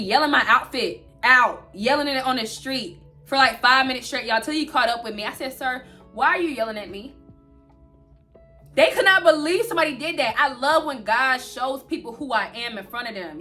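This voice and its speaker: A woman, telling a storytime vlog straight to her viewers in an animated way. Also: fairly high pitch. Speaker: vlogger.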